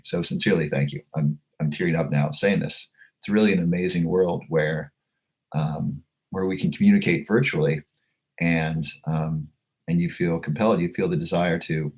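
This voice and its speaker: A man with a low, deep voice hosts a casual livestream. He reads viewer comments aloud and answers them in a loose, chatty way, often stumbling and repeating words as he goes. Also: darkish tone. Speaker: livestream host selling a supplement.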